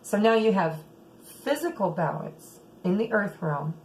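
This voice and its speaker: A middle-aged woman giving a chatty tarot reading, often checking in with "okay", her throat a little rough. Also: medium pitch, sing-song, measured pace, a little mellow, a little hiss or hum, rough recording. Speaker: tarot reader. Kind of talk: casual tarot reading monologue.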